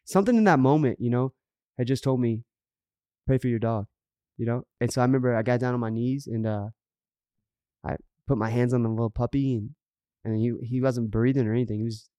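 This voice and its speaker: A man's voice: mid-range voice, fairly quick, warm tone, no room sound. A middle-aged man on a podcast, telling an earnest story in casual chat and acting out the quotes. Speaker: podcast co-host.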